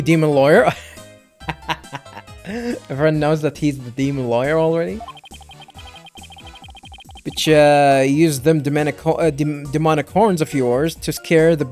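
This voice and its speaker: A man voicing a sly, folksy old male caretaker, reading haltingly in his own voice with a lively pitch. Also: soft background music. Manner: reads without a put-on accent, halting. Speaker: caretaker character.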